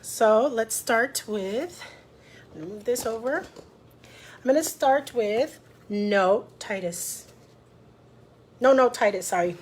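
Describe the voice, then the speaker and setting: A woman's voice: on the high side, animated, slow pace, long pauses, slight background noise. A woman librarian leading a children's storytime, chatting directly to young listeners and reading a picture book aloud.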